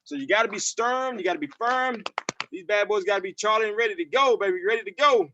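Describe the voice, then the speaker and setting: A man coaching football players in a virtual session, energetic and repetitive. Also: sits high, fast talker, muffled recording.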